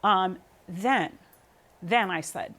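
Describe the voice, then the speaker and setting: In an interview, a guest opera singer in her thirties talks about her singing career, telling animated stories full of fillers, ums and restarts. Her voice is medium in pitch, and she speaks very slowly.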